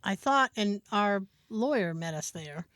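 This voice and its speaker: Speaking unhurriedly in a mid-range voice, this female podcast co-host tells an animated anecdote during casual chat, performing the lines of the people she quotes. The sound is dry and of studio quality.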